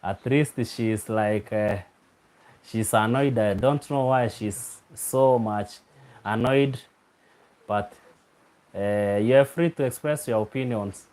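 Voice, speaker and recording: A man hosts a live stream in a relaxed, drawn-out way. He laughs often and teases viewers, repeating their names as he reads their comments aloud. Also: on the low side. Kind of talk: casual live stream chat reading comments.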